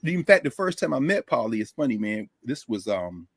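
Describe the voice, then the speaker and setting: A man being interviewed as a guest scholar over a remote call, telling stories in an animated way and acting out the voices of people he quotes. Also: medium pitch, moderate pace, husky, no room sound. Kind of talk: storytelling interview talk. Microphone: remote call microphone.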